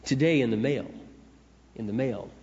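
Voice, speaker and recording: Middle-aged male pastor, conversational storytelling sermon, mid-pitched, recorded in a reverberant hall. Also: normal speed, creaky, darkish tone. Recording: echoey hall, dull lo-fi sound.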